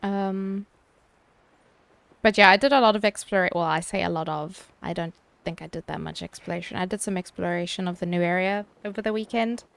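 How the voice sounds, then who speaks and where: A woman's voice: on the low side, gravelly, fairly bright tone, clean tone, no room sound. Chatty woman streaming a game. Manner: chatty, swears casually, answers chat with quick laughs. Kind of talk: casual live-stream chat.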